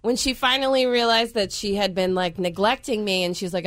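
A woman's voice: medium pitch, fairly even intonation, a little fast, fairly bright tone. A woman, a former radio co-host, tells stories as a guest in casual studio chat and laughs often.

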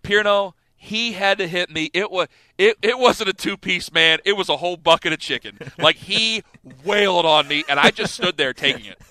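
A man in his thirties hosting sports radio, telling a story in a casual, animated way and acting out the scenes. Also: high-pitched, moderate pace, few pauses, no echo. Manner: animated, laughing storyteller who acts out scenes.

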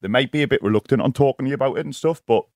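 In a radio studio, a man who works as a professional escort is a guest on a show, talking frankly and rambling, often laughing and asking "do you know what I mean." His medium-pitched voice is rapid-fire and a little mellow, with no room sound.

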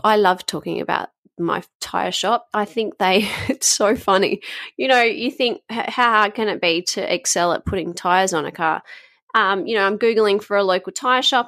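A woman's voice: fairly high pitch, fairly bright tone, no echo, clean studio sound. A woman in her thirties with an Australian accent, hosting a casual solo podcast in a frank, chatty way, swearing freely and wandering off topic. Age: 30s. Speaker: podcast host. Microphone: podcast microphone.

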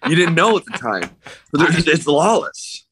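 A man's voice: fairly high pitch, sing-song, moderate pace, a bit bright, breathy edge, no echo. A man guesting on a podcast, joining over a remote call and telling a laid-back, rambling story with frequent chuckles. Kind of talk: casual storytelling chat.

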